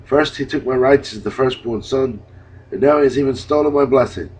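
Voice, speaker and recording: A man's voice: mid-range voice, fairly quick, a little mellow, slightly rough, close to an everyday voice. A man reading a pleading hunter son. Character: grown male hunter son, desperate. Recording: dull lo-fi recording.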